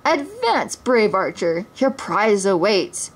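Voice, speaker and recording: A woman's voice: mid-range voice, big pitch swings, slow. A woman voicing a vain, pompous male lion prince who barks orders, in a storybook reading.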